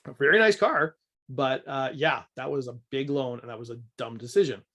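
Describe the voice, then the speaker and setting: A man's voice: mid-range voice, moderate pace, fairly bright tone, highs cut off. A man from Canada teaching a budgeting course in a casual, candid, self-deprecating way.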